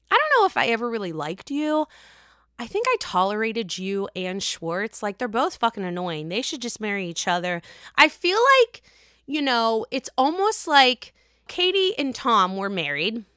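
A woman with a Pittsburgh accent hosting a gossip podcast, chatting casually with lots of swearing and sudden bursts of loudness. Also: medium pitch, clean tone, dry recording, clean studio sound. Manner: chatty, profane, animated swings in loudness. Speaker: podcast host.

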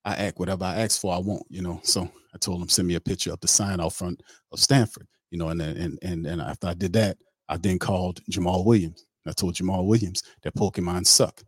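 A man's voice: low voice, steady tone, fairly quick, husky, no room sound, clean studio sound. A man hosting a sports talk show, telling a rambling, joking story in a loose, slangy way. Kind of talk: casual comedic sports talk.

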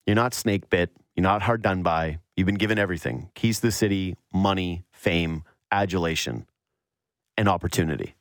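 A man from the Yukon, a sports radio host, telling a long personal story in an animated, storytelling way. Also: deep voice, moderate pace, no echo, studio quality. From Yukon, Canada. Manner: animated storyteller, mocks whiny voices. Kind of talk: storytelling monologue.

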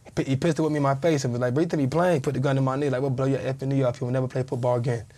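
A man's voice: medium pitch, flat delivery, very fast, mellow. A man in his thirties, a podcast guest, telling a story in casual conversation and acting out the quoted dialogue. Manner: vivid storyteller who acts out quoted dialogue. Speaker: podcast guest, former pro football player.

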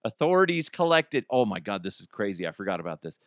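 A man's voice: on the low side, sing-song, fast, no echo, studio quality. A man hosting his own podcast in a casual solo style, reading news items aloud and joking about them. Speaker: podcast host.

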